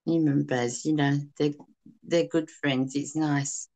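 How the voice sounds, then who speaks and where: A woman with a Cockney accent co-hosting a live chat stream, talking casually and warmly to her viewers. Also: deep voice, fairly even intonation, takes it slowly. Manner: chatty, calls people sweetheart and darling.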